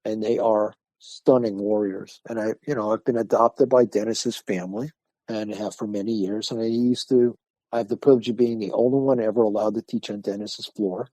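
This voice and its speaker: Older man telling stories, dark dry voice. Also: on the low side, fairly quick, no room sound. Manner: animated storyteller acting out quoted voices. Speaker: martial arts instructor, guest. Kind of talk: storytelling in a podcast interview.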